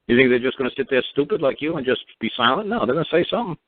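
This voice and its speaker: A man's voice: medium pitch, lively intonation, racing, no echo. A man from New York hosting a call-in show, firing blunt, profane rhetorical questions at a caller. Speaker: radio show host. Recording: tinny phone-line sound.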